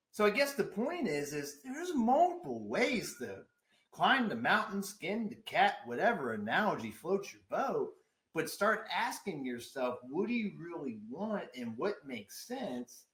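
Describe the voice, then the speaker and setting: A man co-hosting a casual fitness podcast, an animated storyteller who swears and laughs a lot. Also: sits high, measured pace, reverberant. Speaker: podcast co-host and fitness trainer.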